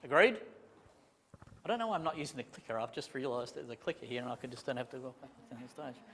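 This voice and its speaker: A man's voice: medium pitch, fast talker. A man giving a casual, joking training talk to a live audience, with many restarts. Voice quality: chatty, animated, self-deprecating jokes, many restarts. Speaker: property management trainer. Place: conference room with a live audience. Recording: long reverb in a large hall.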